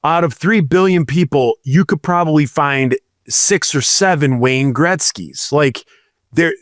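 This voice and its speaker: A man's voice: on the high side, dry recording, clean studio sound. A young man co-hosting a podcast, rambling through jokey tangents in casual comedic chat. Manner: rambling, jokey, drawn-out storytelling. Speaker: podcast co-host.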